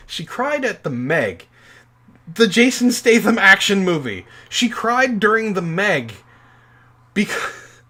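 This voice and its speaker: A man in his forties co-hosting a podcast, telling stories in a profane, animated casual chat. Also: sits high. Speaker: podcast co-host.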